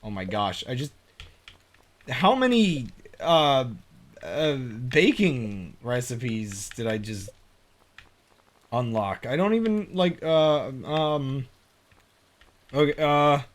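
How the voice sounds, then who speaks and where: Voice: mid-range voice, big pitch swings, very slow, long pauses. A streamer from Appalachia chatting casually over a farming game, rambling, laughing often and slipping into a put-on drawl. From Appalachia, United States. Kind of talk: casual gameplay commentary.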